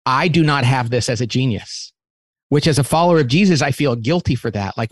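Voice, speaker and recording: A man who runs a company, talking as an interview guest and lively acting out quoted remarks as he explains a model. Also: fairly high pitch, brisk, no echo. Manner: animated, acts out quotes in different voices; repeats words when restarting.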